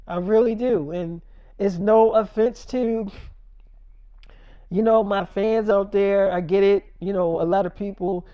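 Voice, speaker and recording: Shaken forgiving young wife, as a storyteller puts her on, rambling, halting, mellow tone, dry sound. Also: medium pitch, no echo, close to an everyday voice. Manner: rambling, halting, full of fillers. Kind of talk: improvised storytelling.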